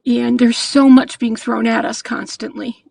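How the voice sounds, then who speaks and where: Halting, earnest woman in her sixties. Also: a little high, steady tone, vocal fry, a little mellow, slightly rough, poor audio. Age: 60s. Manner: halting, earnest, with frequent restarts. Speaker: caller. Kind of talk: call-in chat.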